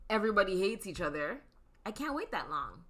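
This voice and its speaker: Bright, animated woman teasing her friends. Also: mid-range voice. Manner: teasing, animated, quick comebacks. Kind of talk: casual chat.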